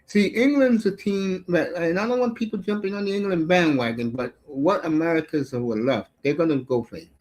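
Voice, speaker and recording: A brash middle-aged man rants about sports as a talk show host. His talk is profane, and it jumps between loud outbursts and low muttering. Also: fairly quick, hardly any pauses, poor audio. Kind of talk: casual sports rant.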